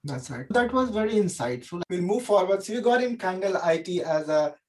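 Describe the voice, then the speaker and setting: A man hosting an interview, asking questions in a measured, hesitant way. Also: sits high, animated. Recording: voice from a distance off the mic.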